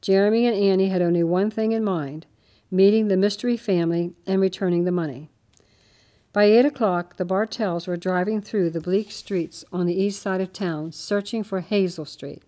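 A woman's voice: medium pitch, moderate pace, mellow. A woman reading a Christmas story aloud, changing her voice slightly for each character. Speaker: narrator.

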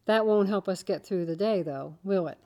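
A woman's voice: mid-range voice, normal speed, a little mellow, natural voice. A woman reading the part of a friendly co-worker at a fair in a children's story.

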